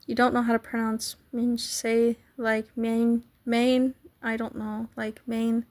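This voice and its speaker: Slow-talking, giggly woman streamer. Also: on the high side, monotone, a little mellow. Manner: chatty, giggly, playful, trying out foreign words. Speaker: live streamer. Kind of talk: casual chat with live viewers.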